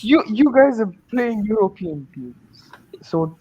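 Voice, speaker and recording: Brief: blunt football fan firing back jabs, slightly high voice, lo-fi sound. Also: male voice, sing-song, a little slow, darkish tone, breathy edge. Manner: blunt, retorting banter. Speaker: co-host, Brazil fan. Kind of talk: casual chat. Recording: slightly dull, lo-fi audio.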